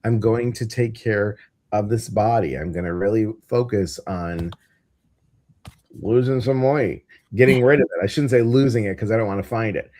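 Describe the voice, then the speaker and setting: A man's voice: lowish voice, moderate pace, mellow. A middle-aged man hosting a live stream, chatting casually and jokingly and greeting viewers by name. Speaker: host.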